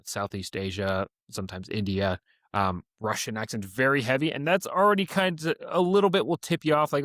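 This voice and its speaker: A young man co-hosting a podcast, chatting casually and telling stories. He slips into the voices of the people he quotes. His voice is mid-pitched and recorded dry and close to the mic. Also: a little fast, a bit bright, no echo. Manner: storytelling, acts out quoted voices. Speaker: podcast co-host. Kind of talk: casual chat.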